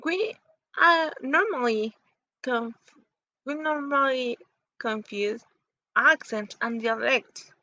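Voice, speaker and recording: A woman whose first language is Spanish, explaining phonetics in halting English as she searches for words. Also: high-pitched, bright, forceful tone, no echo, muffled recording.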